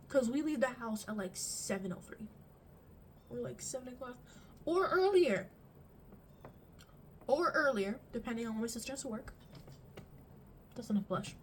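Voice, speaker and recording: A teenage girl doing a get-ready-with-me vlog in her bedroom, rambling and animated with lots of fillers. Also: fairly high pitch, a little hiss or hum, rough recording. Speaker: vlogger.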